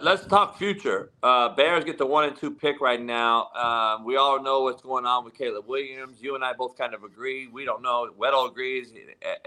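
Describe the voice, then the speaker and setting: A man's voice: medium pitch, bright, forceful tone. A man hosting a sports talk show, chatting loosely and throwing leading questions at his guests.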